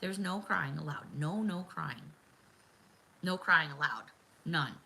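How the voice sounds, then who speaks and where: A woman's voice: low voice, takes it slowly, vocal fry, low-quality recording. A middle-aged woman hosting a casual livestream chat, talking to viewers by name and laughing often. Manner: chatty, warm-hearted, laughs often, talks to viewers by name. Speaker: livestream host.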